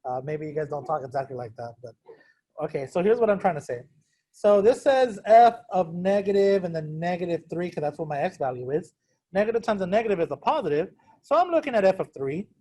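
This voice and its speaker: In a classroom lecture with students also on a video call, a man teaches math in a high, warm voice with lively intonation, talking a little fast. He keeps quizzing the class and makes jokes at his own expense.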